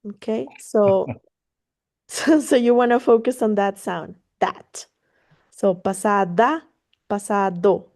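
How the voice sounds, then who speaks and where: This Spanish tutor works with a single student over a video call, mixing English and Spanish in relaxed, encouraging explanations. She laughs readily and swears offhandedly, and her fairly high voice is gravelly and dark-toned as she speaks slowly.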